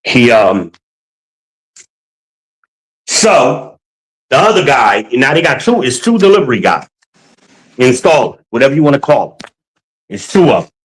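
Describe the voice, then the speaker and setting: A man hosting a podcast, ranting in a casual, profane, animated way while walking around his home with a handheld phone. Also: mid-range voice, a little slow, long pauses, breathy edge, poor audio. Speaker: podcast host. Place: at home, moving between rooms.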